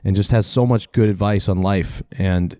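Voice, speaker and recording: A man with a low voice chatting as a podcast guest. He rambles loosely through profane, self-deprecating stories. The sound is dry and close. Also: steady tone, moderate pace, dark tone, dry recording. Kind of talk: casual podcast chat.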